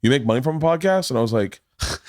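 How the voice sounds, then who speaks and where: A man in his forties hosting a podcast, telling family stories in casual chat, swearing freely and animated. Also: mid-range voice, quick pace, dry recording, clean studio sound. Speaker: podcast host. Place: podcast studio.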